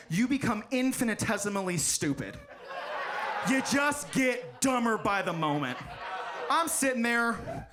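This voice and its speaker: A man performing a stand-up comedy set, loud and animated, often bursting into shouts. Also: sits high, noisy background. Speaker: stand-up comic.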